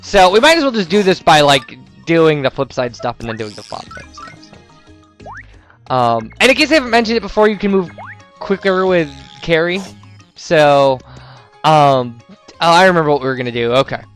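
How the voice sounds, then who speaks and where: A man's voice: a little high, wildly swooping pitch, moderate pace, fairly bright tone, faint music behind. Rambling young man commenting on gameplay. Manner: rambling, many "um"s, joking asides. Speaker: let's player.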